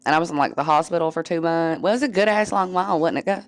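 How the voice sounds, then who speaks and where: A woman's voice: on the low side, very fast, no echo. A woman streamer chatting casually with her viewers, candid and profane, often laughing. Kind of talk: casual chat.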